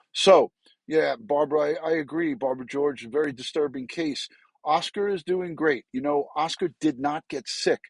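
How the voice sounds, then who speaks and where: A man's voice: mid-range voice, creaky, a little mellow, husky, dry recording, rough recording. A man hosting a casual live stream about a crime case, rambling and repeating words with many fillers. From New York.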